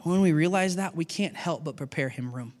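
Animated middle-aged preacher, high voice, reverberant hall. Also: male voice, brisk. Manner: animated, acts out dialogue with God. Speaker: pastor. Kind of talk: sermon.

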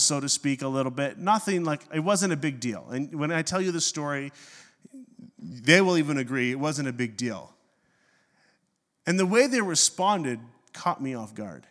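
A middle-aged man, a pastor, preaching a sermon and telling a personal story with self-mocking humor and animated swings in his delivery. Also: on the high side. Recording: long hall reverb.

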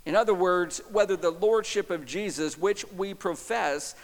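A man preaching a sermon as pastor, emphatic, swinging between loud stresses and hushed, intimate appeals. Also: high-pitched, moderate pace. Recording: long hall reverb.

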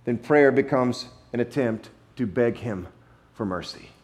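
Man, pastor, sermon, animated pitch, emphatic, playful, dramatic pauses. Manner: playful, acts out wrong versions for effect.

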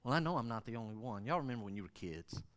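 A middle-aged man from Western North Carolina, preaching an animated sermon as pastor. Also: medium pitch, rapid-fire, long reverb tail. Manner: animated preaching, acts out kids' voices.

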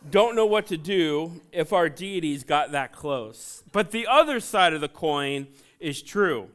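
A man in his forties from Ohio preaching a sermon in a church, conversational and joking, telling animated personal stories. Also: a little high, a little slow, clean tone. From Ohio, USA. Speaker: pastor. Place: church sanctuary.

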